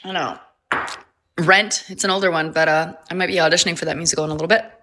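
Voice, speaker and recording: Bright chatty woman livestreaming. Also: on the low side, steady tone, fast talker. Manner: chatty, upbeat, laughs often. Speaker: livestream host. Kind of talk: casual livestream chat.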